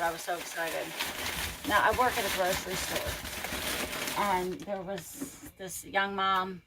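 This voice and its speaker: A woman reseller chatting casually and telling rambling stories while she packs orders. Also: medium pitch. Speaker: reseller vlogger. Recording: loud background noise.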